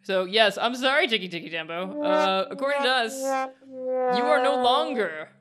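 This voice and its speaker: A woman's voice: on the high side, expressive, moderate pace, over loud music. Woman, podcast host, casual chat, playful, leads the segments.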